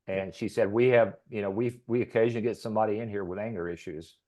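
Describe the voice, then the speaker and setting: A man's voice: mid-range voice, fairly quick. A middle-aged man from Texas, a podcast guest, telling a long casual story with many fillers and small laughs. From Texas, USA. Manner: rambling, with fillers and soft laughs.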